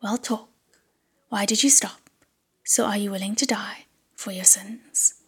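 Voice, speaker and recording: A man's voice: sits high, a little slow, breathy edge, heavily acted. A woman reading aloud and voicing a cold, contemptuous young man in whispered role-play. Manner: cold, cutting.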